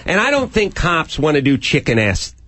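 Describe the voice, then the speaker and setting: A man hosting a comedy talk radio show, riffing on absurd scenarios and bursting into shouted mock cop lines. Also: fairly high pitch, very animated, normal speed, dry recording.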